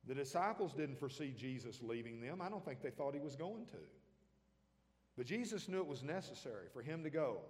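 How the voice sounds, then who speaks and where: A man's voice: mid-range voice, lively intonation, brisk, darkish tone, big-room sound. A man preaching a sermon as pastor, talking conversationally and throwing questions out to the congregation.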